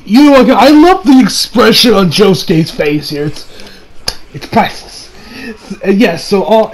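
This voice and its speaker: A man recapping an anime episode in casual chat, excitable and swearing freely, breaking into laughter again and again. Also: very high voice, poor audio. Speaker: anime reviewer.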